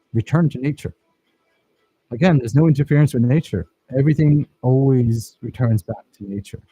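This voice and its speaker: Husky man explaining his film footage. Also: mid-range voice, mellow, no room sound, poor audio. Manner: enthusiastic, rambling, praises students. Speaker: filmmaker teaching editing. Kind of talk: casual workshop talk over footage.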